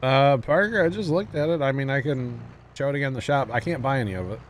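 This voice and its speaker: A man's voice: mid-range voice, fast talker, slight background noise. Chatty man streaming a farming game. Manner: chatty, often apologizing to chat with laughs. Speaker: livestreamer. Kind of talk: casual gameplay commentary.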